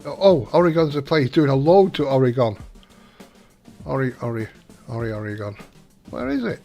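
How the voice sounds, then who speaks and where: A man's voice: mid-range voice, expressive, normal speed, gravelly, darkish tone, faint music behind. A man casually chatting and joking while live-streaming a truck game, often muttering to himself. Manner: jokey, chuckling, muttering to himself.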